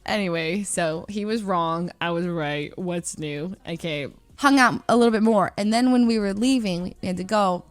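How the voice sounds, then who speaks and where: A young woman streamer telling a story to her chat in a lively, giggly way. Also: fairly low pitch, moderate pace, hardly any pauses, no echo, soft background music. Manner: animated, giggly, acts out others' lines.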